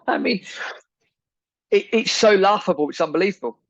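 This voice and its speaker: A man's voice: sits high, expressive, normal speed, no echo, dull audio. A man hosting a podcast, delivering an indignant, emphatic opinion monologue full of repeated phrases. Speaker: podcast host.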